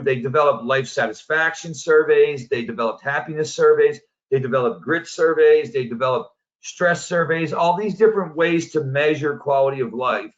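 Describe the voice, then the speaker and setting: A man who works as a positive psychology coach, giving a casual, animated storytelling presentation. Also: fairly high pitch, moderate pace. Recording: dull lo-fi audio.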